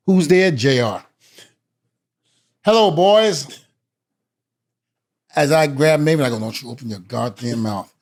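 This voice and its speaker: A guest who once wrestled, this middle-aged man has a slightly high, darkish voice. He spins an animated story, acting out each person's quotes with changing voices and breaking into laughs.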